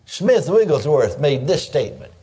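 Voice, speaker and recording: A man's voice: a little high, big pitch swings, normal speed, dark tone. A man preaching a sermon, emphatic, breaking in with cries of praise and calling on listeners to answer him. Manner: calls for audience response.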